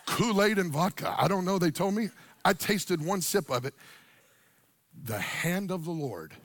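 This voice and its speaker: A middle-aged man, preaching a sermon to a church congregation, animated, swinging from quiet storytelling up to near-shouted, sung-out lines. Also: sits high, unhurried, no echo. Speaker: pastor.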